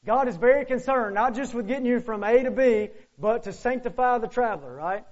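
High-voiced man preaching a lively sermon. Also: fairly quick. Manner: animated, rhetorical questions, swings between loud and hushed. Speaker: pastor. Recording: muffled lo-fi sermon recording.

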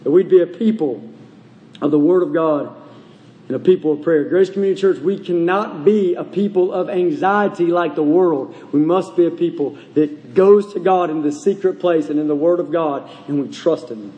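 A man's voice: fairly high pitch, moderate pace, muffled recording. A man preaching a sermon to his congregation, pressing them with urgent, repeated questions. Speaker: pastor. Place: church sanctuary. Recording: long reverb of a large hall.

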